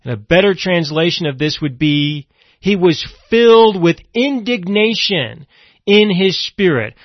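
Dramatic high-voiced male preacher. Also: lively intonation, unhurried, no room sound. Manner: dramatic, voices the grieving sisters' accusations. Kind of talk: expository sermon reading scripture. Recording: dull lo-fi, dry.

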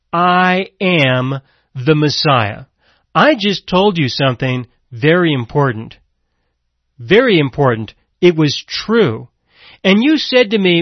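A man's voice: high-pitched, no room sound. A man preaching a broadcast Bible-teaching sermon, emphatic and repeating key phrases for weight. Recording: dull, lo-fi and dry.

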